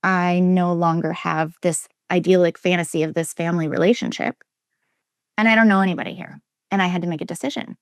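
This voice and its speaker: A woman from Minnesota, a guest and relationship coach, telling her personal story in an interview. She speaks earnestly and emphatically, restarts often, and drops to a soft near-whisper at heavy moments. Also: on the low side, fairly even intonation, a little fast, clean tone, no room sound, studio quality. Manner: earnest and emphatic, with frequent restarts and quoted inner voices.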